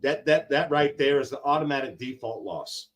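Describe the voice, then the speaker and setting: Older man with grandkids, guest on a talk stream. Emphatic, slangy, lively pitch. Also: moderate pace. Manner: heated, emphatic, slangy, repeats lines for effect. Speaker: guest on a live gig-driver talk show. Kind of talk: casual live-stream chat.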